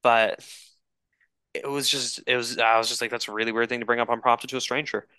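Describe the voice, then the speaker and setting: A young man from Canada, a podcast co-host telling a rambling, animated story in casual chat, with frequent restarts and swearing. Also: mid-range voice, brisk, smooth, dry recording, clean studio sound.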